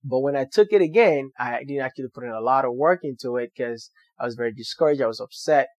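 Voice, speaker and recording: Man, motivational storyteller, earnest and emphatic, mid-pitched voice, dry close sound. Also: quick pace, dry recording. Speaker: doctor sharing his story. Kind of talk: personal storytelling to viewers.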